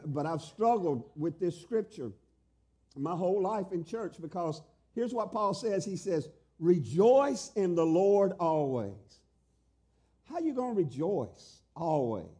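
This is a middle-aged man delivering a sermon in a high voice with a mellow, dark tone. He preaches emphatically, climbing into loud pleading questions and then dropping to a hushed, tender delivery. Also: breathy edge. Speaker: pastor.

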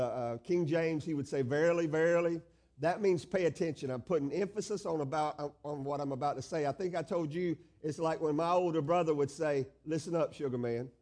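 A man's voice: on the high side, warm tone. A male pastor preaching a sermon, stretching out key phrases and asking the congregation questions.

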